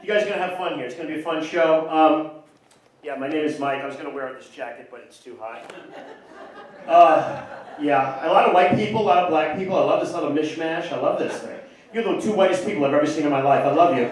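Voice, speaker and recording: Man, stand-up comic, brash crowd work, fairly high voice, echoey club sound. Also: fast, distant mic. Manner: brash, teasing, crude banter with the audience. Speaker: stand-up comedian. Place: comedy club stage.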